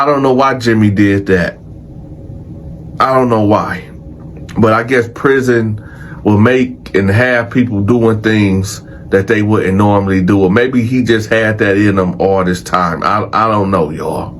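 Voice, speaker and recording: A man's voice: on the low side, a little hiss or hum. A man hosting a storytelling vlog, talking casually and profanely and addressing viewers directly. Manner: animated, addresses viewers as y'all. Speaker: host.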